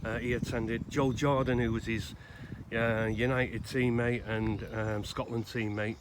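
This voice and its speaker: A man speaks at a middling pitch and tells his story in a loose, conversational ramble full of pauses. He is recording outdoors in a cemetery. Clear outdoor noise and distant traffic run under his voice. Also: level tone. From Salford, England. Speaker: grave-visiting vlogger. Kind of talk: casual spoken tribute and storytelling.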